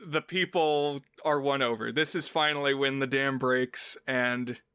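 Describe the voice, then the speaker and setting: A man's voice: mid-range voice, fairly even intonation, measured pace, sharp tone, smooth, no room sound, clean studio sound. A man co-hosting a film podcast, chatting casually and explaining at length with playful asides. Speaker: podcast co-host.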